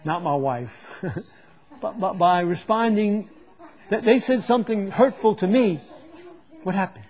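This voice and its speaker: A man's voice: sits high, lively intonation, measured pace, darkish tone. A man preaching a sermon to a live congregation, teaching from the Bible and often stopping to repeat words as he searches for them.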